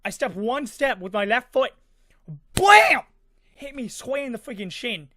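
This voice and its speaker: A man with a high voice tells a story in a loose, rambling way, full of fillers and small sound effects. He is recorded close and dry, with no room sound. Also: normal speed, no room sound. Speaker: vlogger. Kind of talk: casual storytelling.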